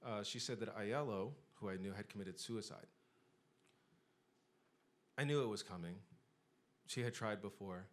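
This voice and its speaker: A man's voice: lowish voice, unhurried, pauses often. A middle-aged man giving an impassioned public lecture, building rhetorical lists with emphatic rises. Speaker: speaker giving a talk.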